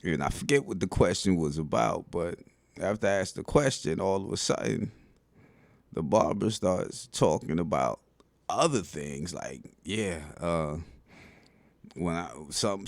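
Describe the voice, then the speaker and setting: A middle-aged man with a Bronx New York accent, telling stories in a relaxed, slangy way for his video channel. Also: lowish voice, clear, resonant tone, dry recording, studio quality. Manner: relaxed street slang, keeps saying "you know what I'm saying". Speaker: vlogger. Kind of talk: casual storytelling monologue.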